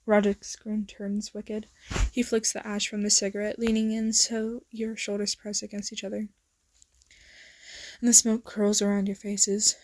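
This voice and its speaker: A young woman narrating a second-person romance story in a soft, intimate voice that slips into whispers. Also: medium pitch, flat delivery, normal speed, dry recording. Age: young adult. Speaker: fan fiction narrator.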